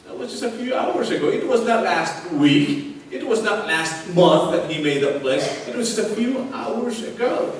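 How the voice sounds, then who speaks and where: Male pastor with a fairly high voice, fervent, rhetorical sermon, roomy hall mic from a distance. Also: expressive, measured pace. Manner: impassioned, rhetorical, repeating questions. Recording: echoey hall from far off.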